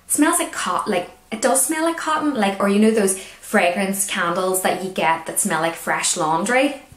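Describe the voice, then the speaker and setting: A woman's voice: mid-range voice, expressive, normal speed. A woman with a Northern Irish accent, chatting casually as she reviews beauty products with wry asides. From Northern Ireland. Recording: roomy echo.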